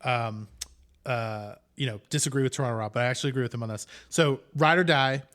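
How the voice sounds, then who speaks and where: A man's voice: mid-range voice, quick pace, a bit bright. A man co-hosting a podcast in casual chat, agreeable and filling his talk with "yeah" and "like.". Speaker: podcast co-host.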